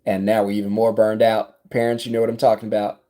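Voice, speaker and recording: A man in his thirties with a South Louisiana accent, a business coach telling a story to camera in his office in an animated, conversational way. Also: on the low side, quick pace. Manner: animated, conversational, acts out dialogue.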